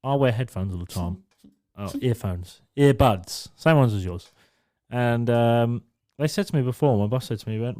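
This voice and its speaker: A man co-hosting a casual podcast. He is blunt and swears freely, often breaking into laughter as he tells his stories. His voice has a plain, middle male pitch. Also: normal speed, mellow. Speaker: podcast co-host. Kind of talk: casual chat.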